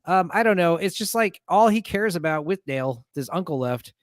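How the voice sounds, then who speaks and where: A man's voice: sits high, lively intonation, normal speed, hardly any pauses, dry recording. Dry-sounding rambling male host. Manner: rambling, laughs often while retelling scenes. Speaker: stream host. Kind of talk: casual movie discussion.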